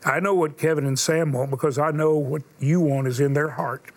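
A man's voice: on the high side, fairly even intonation, a little fast. An older man, a preacher hosting a Christian talk show. He tells stories in an earnest preaching manner. At emotional points his voice sinks almost to a whisper. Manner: earnest preacher, drops to a hushed voice for emotional moments. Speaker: TV host and preacher.

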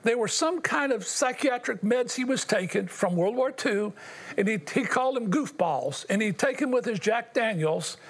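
A man's voice: very high voice, expressive, moderate pace, slightly rough. An older man giving an earnest, emotional personal testimony as an interview guest. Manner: earnest, emotional storytelling addressed to the host.

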